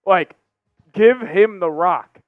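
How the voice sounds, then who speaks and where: A man's voice: high-pitched, slow, dry recording, faint music behind. Man co-hosting with slightly dull audio. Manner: blunt, emphatic, casual. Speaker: co-host. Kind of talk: casual fan commentary.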